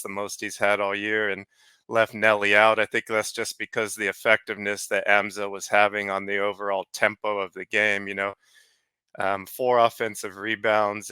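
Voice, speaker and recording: Low flat-voiced man breaking down a game. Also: clean tone, no echo. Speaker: podcast co-host. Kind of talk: casual sports analysis.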